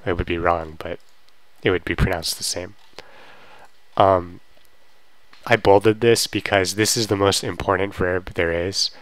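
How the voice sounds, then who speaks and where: A man teaching a language lesson in a relaxed, casual way, with frequent fillers and restarts while he talks over slides. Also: low voice, measured pace, long pauses, no room sound, poor audio. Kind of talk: casual screen-recorded lesson.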